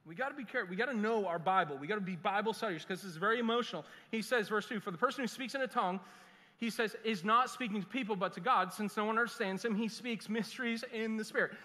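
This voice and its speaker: A middle-aged man preaching a sermon as pastor, telling jokey stories and breaking into quick put-on voices for the people he quotes. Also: high voice, pushed and bright. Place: church sanctuary. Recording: reverberant church sanctuary.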